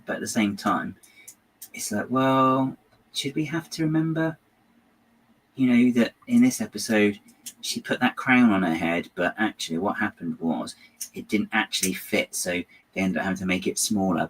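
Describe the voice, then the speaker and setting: A man's voice: lowish voice, a bit bright, slight background noise, rough recording. A man hosting a building channel, chatting casually and rambling as he works, often trailing off and muttering to himself. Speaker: LEGO building channel host. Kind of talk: casual chat while building.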